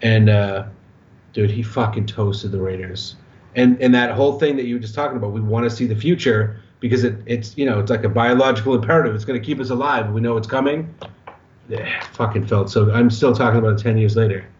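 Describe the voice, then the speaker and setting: A man's voice: medium pitch, quick pace, slight background noise. Man telling stories in an echoey room. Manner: profane, animated storyteller. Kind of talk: casual podcast chat. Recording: echoey, dull lo-fi room sound.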